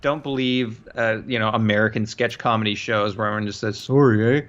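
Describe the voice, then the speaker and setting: A man's voice: on the low side, steady tone, a bit bright. Easygoing man co-hosting, lo-fi sound. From Canada. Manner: easygoing, agreeable, quick to say yeah. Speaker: podcast co-host. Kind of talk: casual chat.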